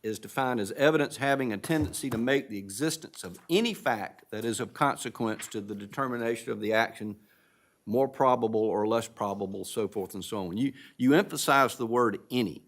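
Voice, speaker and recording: Halting man questioning from the bench. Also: mid-range voice. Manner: halting, searching, many restarts. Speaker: appellate justice.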